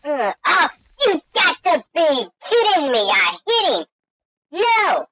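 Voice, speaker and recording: Woman host for game commentary, high and sing-song, unhurried goofy self-talk, dull lo-fi dry sound. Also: no room sound. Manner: goofy, excitable, talks to herself, makes silly sound effects. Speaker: gaming channel host. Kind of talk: let's-play game commentary.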